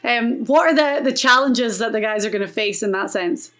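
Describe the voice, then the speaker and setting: A woman's voice: fairly high pitch, moderate pace, a bit bright. A woman co-hosting a golf podcast, asking questions and talking over picks in a chatty way. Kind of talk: casual golf chat.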